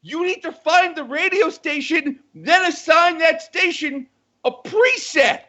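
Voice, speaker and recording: A podcast co-host making sarcastic, wry comments in casual commentary. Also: male voice, extremely high pitch, expressive, unhurried, sharp tone, dull audio.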